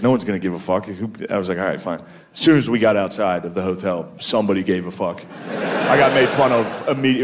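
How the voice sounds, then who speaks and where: A man's voice: on the low side, noisy background. A man doing a stand-up comedy set, telling crude, self-deprecating stories and slipping into put-on voices. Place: comedy club stage before a live audience. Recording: live club recording, loud crowd laughter. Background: loud crowd laughter.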